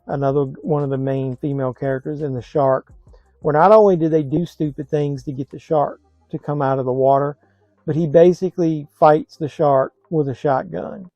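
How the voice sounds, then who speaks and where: A man's voice: a little high, fairly even intonation, moderate pace, dark tone, dry recording, dull audio, soft background music. A man giving a blunt, scathing movie review in a casual vlog, sounding exasperated.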